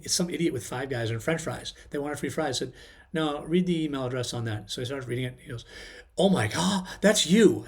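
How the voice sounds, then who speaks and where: Man telling a rambling story. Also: on the high side. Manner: rambling, frequent ums and restarts. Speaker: channel host. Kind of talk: casual storytelling.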